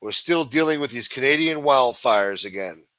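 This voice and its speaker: A man's voice: medium pitch, expressive, normal speed, a bit bright, dry recording. Man ranting profanely on a livestream. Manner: crude, sarcastic, reads headlines aloud then rants. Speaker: livestream host. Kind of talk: profane rambling news commentary.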